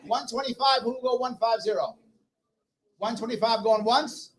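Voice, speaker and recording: A man's voice: very high-pitched, moderate pace, rough recording. A man running a fundraising auction at a political rally, coaxing bids with jokes. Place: brewery rally. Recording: lively crowd around.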